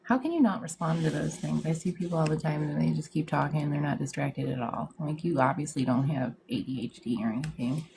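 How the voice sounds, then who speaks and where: Give me a chatty woman medium on a live stream, low-pitched and slangy. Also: fairly quick, gravelly, hardly any pauses, noisy background. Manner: slangy and chatty, greets viewers, laughs often. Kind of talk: casual livestream chat.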